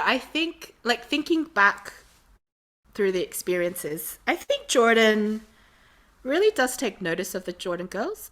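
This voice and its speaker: A woman guest on a podcast, telling a story in a casual, animated way and acting out the quotes. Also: medium pitch.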